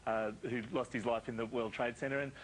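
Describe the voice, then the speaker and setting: A man answers in a live television interview, rushing his words and circling back with fillers. He sounds sincere rather than showy. A faint hiss runs underneath. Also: mid-range voice, steady tone, low-quality recording. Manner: earnest, rambling with many fillers. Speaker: children's entertainer being interviewed.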